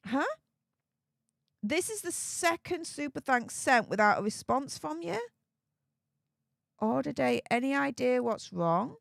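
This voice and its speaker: A woman's voice: on the high side, very animated, slow, creaky, pauses often, a bit bright, no room sound, studio quality. A woman with a Yorkshire accent hosting a casual livestream, reading viewer messages with chatty, laughing, sarcastic asides. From Yorkshire, England.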